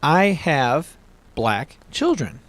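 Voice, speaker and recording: A fairly high-pitched man co-hosting a podcast, ranting bluntly and profanely. His pitch swings widely as he argues, and the sound is dry and close to the mic. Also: huge pitch swings, extremely slow, no room sound. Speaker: podcast co-host. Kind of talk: heated casual podcast debate.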